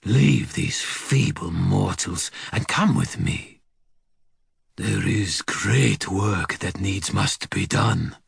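Storybook villain: a man playing a contemptuous male dog-spirit, deep and slow with menace. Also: vocal fry, slightly rough, no echo, clean studio sound, heavily acted. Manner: slow, snarling, archaic menace.

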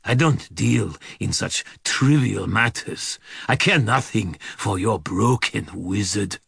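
Storybook villain: a man playing a contemptuous male dog-spirit, deep and slow with menace. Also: creaky, fairly bright tone, breathy edge, dry recording, clean studio sound, heavily acted. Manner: slow, snarling, archaic menace.

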